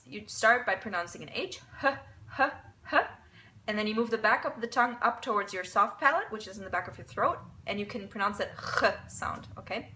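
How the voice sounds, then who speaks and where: A woman teaching a casual language lesson, explaining step by step, repeating example words slowly and often checking in with "okay?". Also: medium pitch, pushed and bright, a little hiss or hum, rough recording.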